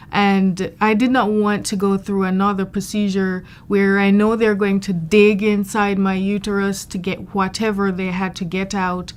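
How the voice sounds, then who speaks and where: Frank woman patient, plainspoken. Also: medium pitch. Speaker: patient giving a testimonial. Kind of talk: candid testimonial interview.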